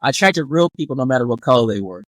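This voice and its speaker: A young man, telling stories as a podcast guest in a lively way and acting out the voices he quotes. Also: mid-range voice, racing, no echo. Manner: animated, acts out quoted voices. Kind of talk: casual storytelling.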